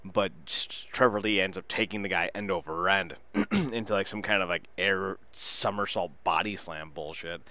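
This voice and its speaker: Hosting a wrestling podcast on his own, this man rambles through a casual review with plenty of excitement and free-flowing profanity. His voice sits low, and he keeps a moderate pace.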